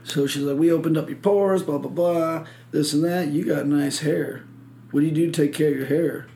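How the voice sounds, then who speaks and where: Gravelly man telling a rambling story. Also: a little high, steady tone, normal speed, warm tone. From Michigan. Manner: rambling storyteller, swears a lot, acts out quotes. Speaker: podcast host. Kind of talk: casual chat.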